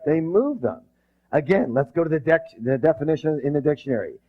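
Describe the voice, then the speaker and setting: A punchy man on stage, his voice sitting slightly high as he fires off "yes or yes?" and makes the room repeat after him. He gets emphatic and loud when he talks about passion. The recording is dull and lo-fi. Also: fairly quick, slightly rough. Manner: energetic, drills the audience with rhetorical questions. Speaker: motivational seminar speaker. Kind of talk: live seminar talk with call-and-response.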